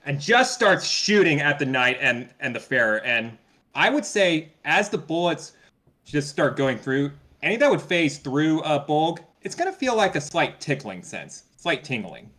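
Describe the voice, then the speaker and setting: A man's voice: on the high side, big pitch swings, unhurried, pushed and bright. A man playing a tabletop role-playing game, narrating his character's actions hesitantly, with many restarts. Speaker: player.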